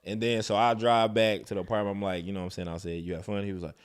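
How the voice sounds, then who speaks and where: Animated man telling a story, low voice. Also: rapid-fire, clear, resonant tone. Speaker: podcast co-host. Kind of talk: casual chat.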